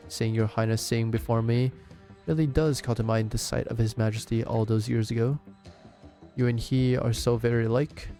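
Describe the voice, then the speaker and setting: A man's voice: medium pitch, mellow, natural voice. A man voicing a smug, scheming aristocrat, reading game dialogue aloud with mocking politeness. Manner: overly polite, mocking formality.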